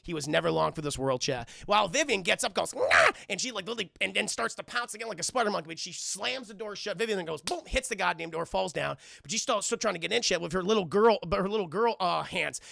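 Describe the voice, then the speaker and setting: A man on a live stream giving a casual, profane, animated film recap and talking to his chat, at a desk microphone. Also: sits high, fast talker, gravelly, few pauses, no echo.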